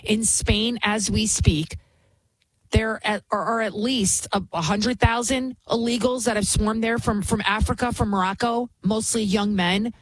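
A woman's voice: medium pitch, steady tone, measured pace, dry recording, rough recording. A woman hosting a commentary show, talking in a heated, emphatic and repetitive ranting manner while introducing clips. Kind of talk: opinionated commentary.

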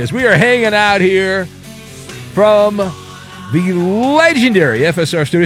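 A man's voice: high-pitched, expressive, a little slow, fairly bright tone, soft background music. A man hosting a late-night sports radio show in a studio, talking in a playful, theatrical, rambling way.

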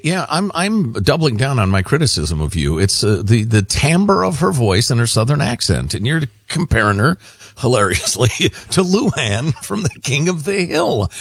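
A man's voice: mid-range voice, very animated, moderate pace, slightly rough, no room sound. A man co-hosting a political talk show, wry and teasing in casual banter.

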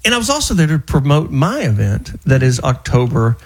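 A man's voice: medium pitch, huge pitch swings, a little fast, breathy edge. A man hosting a radio show, chatting casually with a guest and plugging local events. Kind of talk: casual radio interview chat.

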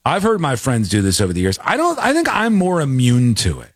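A man hosting a casual reaction chat, animated and repeating himself as he talks. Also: mid-range voice, brisk, no echo, clean studio sound. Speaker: show host.

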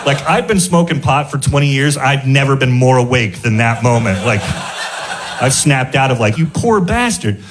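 A man's voice: mid-range voice, steady tone, moderate pace, background noise. A male stand-up comedian telling a rambling anecdote and chuckling at his own jokes. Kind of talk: stand-up storytelling.

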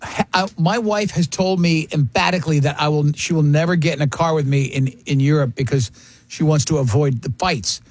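A man hosting a radio show in a studio, bantering loudly and joking with his co-hosts. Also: on the high side, brisk. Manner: joking, loud, laughs often. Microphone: studio mic.

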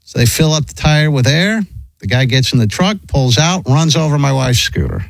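Animated, rambling man telling a story. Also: medium pitch, normal speed, creaky, no room sound. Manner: rambling, animated, lots of restarts and acted quotes. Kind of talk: casual storytelling chat.

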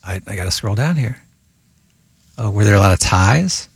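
Male radio co-host, husky voice, lively pitch, teasing and dry. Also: normal speed, no echo. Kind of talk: morning radio banter.

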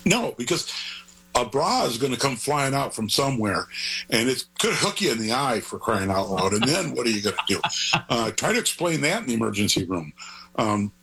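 Older man with a husky voice. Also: medium pitch, big pitch swings, normal speed, a bit bright, rough recording. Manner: rambling, earnest, digressive. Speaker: author guest. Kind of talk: conversational interview.

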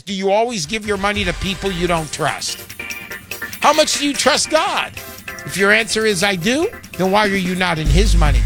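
A man hosting a call-in radio show, talking in a loud, salesman-like way and shouting his jokes. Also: high-pitched.

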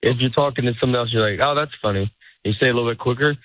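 A man's voice: mid-range voice, fairly even intonation, racing, no echo. A middle-aged man, a stand-up comedian, chatting casually as an interview guest, rambling and breaking off mid-sentence to act out quotes. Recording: tinny phone-like radio sound.

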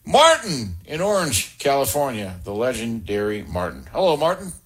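A man's voice: medium pitch, huge pitch swings, normal speed, fairly bright tone, husky. A man hosting a call-in sports radio show, upbeat and joking, steering callers from topic to topic. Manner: upbeat, jokes and quotes movie lines. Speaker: radio sports talk host.

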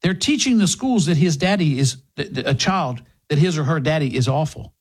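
A man's voice: on the high side, lively intonation, brisk, husky. A man hosting a political talk radio show, delivering an impassioned monologue full of rhetorical questions and mocking asides, then reading a sponsor spot.

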